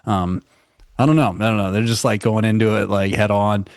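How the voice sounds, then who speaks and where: A man with a fairly low voice chats casually on a music podcast. He talks in halting stretches filled with "like" and restarts. The recording is dry and close. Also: fairly even intonation, no room sound. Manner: loose, halting, says "like" often. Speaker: podcast co-host.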